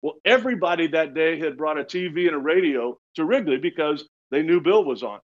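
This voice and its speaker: A man in his sixties, a retired pitcher, telling lively stories in an interview, often laughing and restarting his words. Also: a little fast. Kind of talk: storytelling in casual interview. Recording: dull lo-fi sound.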